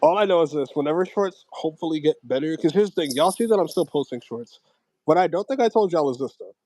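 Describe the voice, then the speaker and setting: A man's voice: fairly high pitch, expressive, fast, darkish tone, no echo, poor audio. Young man rambling on a livestream. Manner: rambling, filler-heavy and slangy. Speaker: livestream host. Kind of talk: casual chat.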